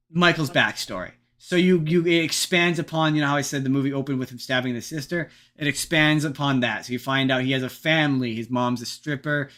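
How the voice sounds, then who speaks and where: A man hosting a podcast in casual chat, rambling and animated, with frequent restarts and casual swearing. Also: medium pitch. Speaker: podcast host.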